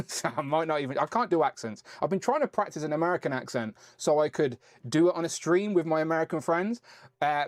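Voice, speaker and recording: A man's voice: fairly high pitch, no echo. A man hosting a casual live stream, chatting and rambling as he reads out viewer messages.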